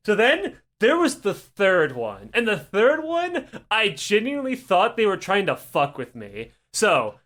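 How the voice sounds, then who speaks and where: A man co-hosting a podcast, telling a rambling, profane, animated anecdote in casual chat. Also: high voice, a little slow, hardly any pauses. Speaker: podcast co-host. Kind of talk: casual comedic storytelling.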